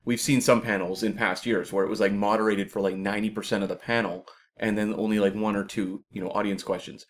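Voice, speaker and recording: A man co-hosting a casual discussion, talking in a measured, explanatory way. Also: fairly low pitch, flat delivery. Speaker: podcast co-host.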